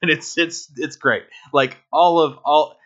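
A man's voice: a little high, measured pace, muffled recording. A man co-hosting a casual game review podcast, rambling and restarting his sentences, swearing offhandedly. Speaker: podcast co-host.

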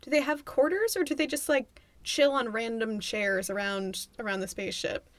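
This is a woman co-hosting a casual watchalong podcast. Her voice sits high and swings widely as she mocks the characters on screen. She is often giggly and incredulous, and the sound is close with no room around it. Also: lively intonation, moderate pace, no echo. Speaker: podcast co-host. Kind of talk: casual movie watchalong commentary.

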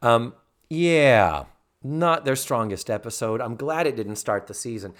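Animated man recapping a TV episode. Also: medium pitch, unhurried. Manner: animated, mimics characters' lines in recaps. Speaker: podcast co-host. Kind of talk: casual episode recap chat.

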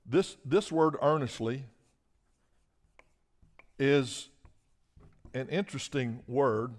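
A man delivers a sermon in an emphatic, repetitive cadence. His voice sits at an ordinary middle pitch, and he keeps checking in with the room for an "Amen?". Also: takes it slowly. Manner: emphatic, repeats words, asks "Amen?". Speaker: guest preacher.

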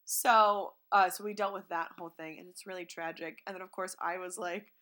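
Woman, podcast co-host, casual chat, bright clear tone, animated storytelling. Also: on the low side, a little fast. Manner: chatty, animated, acts out quotes in silly voices.

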